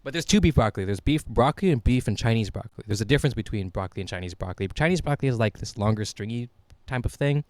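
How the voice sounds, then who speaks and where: A man's voice: mid-range voice, lively intonation, rapid-fire, a little mellow, no room sound. A young man, a podcast co-host, rambling through a funny story in casual chat, laughing and swearing freely. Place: small podcast studio.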